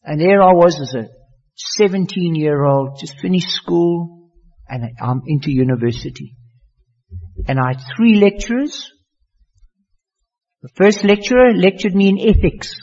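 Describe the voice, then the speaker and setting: A man preaching a sermon slowly and emphatically, his voice rising on the key words. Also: high-pitched, darkish tone. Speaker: pastor. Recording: dull lo-fi recording in a reverberant hall.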